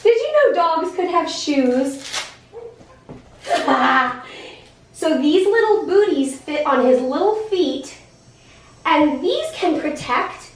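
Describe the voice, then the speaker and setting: A woman in her thirties explaining things to a class of children, in an animated, sing-song, teacherly way with many questions. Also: high-pitched, takes it slowly, pauses often, slight background noise. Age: 30s. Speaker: guest speaker in a special education class. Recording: echoey classroom, voice from far off.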